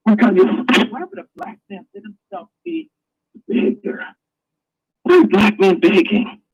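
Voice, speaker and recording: A man's voice: sits high, sing-song, unhurried, creaky, pauses often, slightly rough, dull audio. A man hosting a live online talk show, ranting in a crude, preachy way. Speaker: host.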